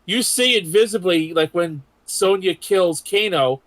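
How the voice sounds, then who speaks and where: A man's voice: high voice, unhurried, fairly bright tone, no room sound. A man hosting a casual group chat, swearing freely and retelling scenes with animation. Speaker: podcast host.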